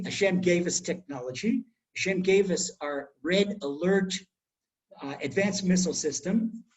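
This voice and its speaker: A middle-aged man giving a Torah class, telling stories in a lively way and acting out the quoted speech. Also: high voice, poor audio. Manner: animated storyteller, acts out quoted speech. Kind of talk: storytelling Torah lecture. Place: home in Israel.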